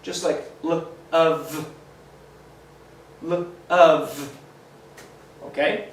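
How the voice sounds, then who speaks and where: Slow, encouraging male teacher. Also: a little high, fairly even intonation. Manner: slow, encouraging, sounds out letters. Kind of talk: phonics lesson for children. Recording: echoey room, mic at a distance.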